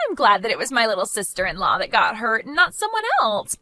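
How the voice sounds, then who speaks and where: A woman voicing an entitled, self-righteous young woman who talks in a shrill, indignant, whiny way, as scripted story voice acting. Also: sing-song, fast talker, bright, forceful tone, no echo. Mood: smug.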